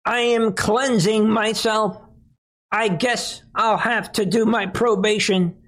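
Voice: medium pitch, fairly even intonation, slow, fairly bright tone, voice pushed up, low-quality recording. A commentator putting on the voice of a remorseful woman lawyer, mock-sobbing in a whiny, exaggerated way. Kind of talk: mocking impression.

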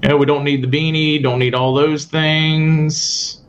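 A man hosting a casual live stream, reading posts aloud fast and adding sarcastic asides to his viewers. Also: a little high, flat delivery. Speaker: host. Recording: muffled audio with faint noise.

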